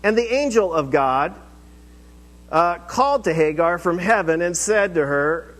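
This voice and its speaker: A man's voice: high voice, animated, a little slow, a bit bright. A male pastor giving a sermon in a church, speaking conversationally and asking the listeners rhetorical questions. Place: church sanctuary. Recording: echoey hall reverb.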